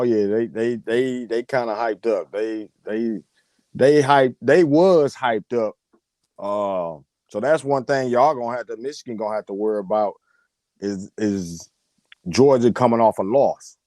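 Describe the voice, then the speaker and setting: Laid-back slangy man with a mellow voice. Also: medium pitch, fairly even intonation, normal speed, dry recording. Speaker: co-host of a sports talk show. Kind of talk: casual sports chat.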